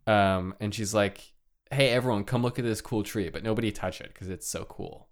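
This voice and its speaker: Man, low-ish voice, loose comic storyteller in casual chat. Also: normal speed. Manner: loose, joking retelling full of "like" and laughs. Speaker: storyteller retelling a folk tale.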